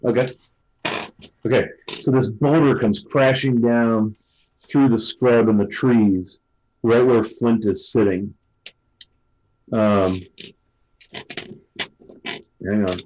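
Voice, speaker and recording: A man running a tabletop role-playing game as dungeon master, narrating in a relaxed, halting way with many fillers. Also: fairly low pitch, low-quality recording.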